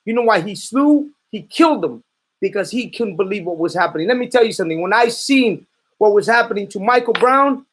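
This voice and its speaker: A man's voice: high voice, a bit bright. A man preaching in a fiery, confrontational way, calling out his listeners and giving commands to a reader. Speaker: street preacher.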